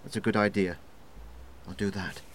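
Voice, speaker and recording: A man's voice: low-pitched, level tone, normal speed, a little hiss or hum, lightly acted. A man playing a blunt, impatient colleague. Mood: curt. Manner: curt, matter-of-fact. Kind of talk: comedy sketch dialogue.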